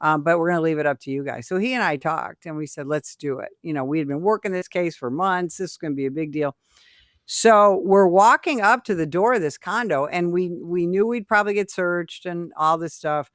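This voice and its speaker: Retired cop lady from illinois spinning a story, smooth voice, close dry mic. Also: fairly low pitch, moderate pace, no room sound. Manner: animated storyteller, acts out quoted voices. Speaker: retired police sergeant, guest. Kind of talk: storytelling in a casual interview.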